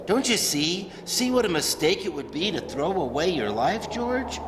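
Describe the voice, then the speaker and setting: Man playing a gentle guardian angel. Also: high-pitched, very animated, moderate pace. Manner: patient, gently explaining. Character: gentle male guardian angel seeking his wings. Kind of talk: amateur stage play. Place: church hall. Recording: roomy church hall, distant, noisy.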